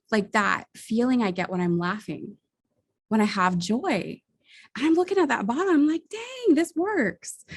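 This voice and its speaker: A woman's voice: medium pitch, no room sound. A woman in her thirties telling a personal story in a casual, earnest and emotional way, with small laughs and sighs. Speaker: vlogger sharing a personal story.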